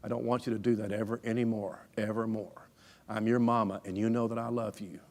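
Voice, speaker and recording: A man voicing a mother who speaks quietly and firmly to her child. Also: mid-range voice, lightly acted. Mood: gentle. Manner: quiet, firm, measured. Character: calm, firm mother.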